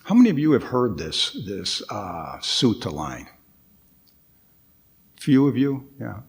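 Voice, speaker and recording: Slow, lively-pitched man giving a dharma talk. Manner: hesitant, with frequent restarts and pauses. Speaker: guest dharma speaker.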